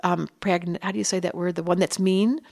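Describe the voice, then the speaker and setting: A woman's voice: fairly low pitch, fairly quick, gravelly, no echo. Woman astrologer chatting, acts out quotes, dips into whispers, dry close mic. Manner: animated storyteller, acts out quotes, drops to whispers. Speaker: astrologer and psychologist guest. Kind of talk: casual interview chat.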